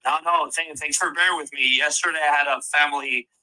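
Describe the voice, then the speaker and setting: A man's voice: on the high side, steady tone, brisk, sharp tone, rough recording. A man appearing as a guest on a live stream and answering questions politely. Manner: polite, courteous. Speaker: guest, boxing organization president.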